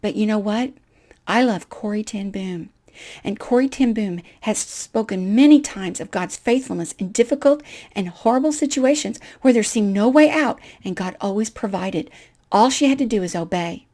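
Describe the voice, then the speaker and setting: Middle-aged woman, personal testimony, animated, self-deprecating, acts out voices. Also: medium pitch. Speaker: speaker.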